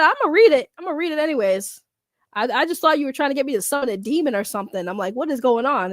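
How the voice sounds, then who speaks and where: A woman's voice: a little high, a bit bright, no room sound, studio quality. A woman streamer reading her chat aloud in casual, blunt, profane talk, congested from a cold and laughing often.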